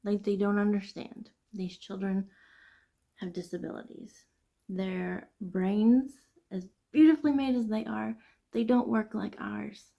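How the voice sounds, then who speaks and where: A woman hosting a casual knitting vlog, chatting and venting in an animated, chatty way. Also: medium pitch, measured pace, creaky. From Midwest United States. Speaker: knitting podcast host. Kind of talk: casual chat.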